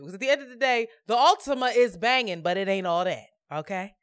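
A woman co-hosting a podcast, telling a story in a casual, expressive way and acting out the dialogue. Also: mid-range voice, fast talker, dry recording, clean studio sound. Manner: expressive, laughing, acts out dialogue. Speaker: podcast co-host. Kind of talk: casual chat, animated storytelling.

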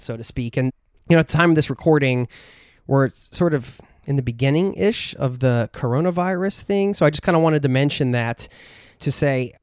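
Guy hosting a travel podcast, earnest and chatty, smooth clear voice, dry close sound. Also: mid-range voice, no echo. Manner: earnest, heartfelt, with frequent "uh" fillers. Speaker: podcast host. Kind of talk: casual podcast chat.

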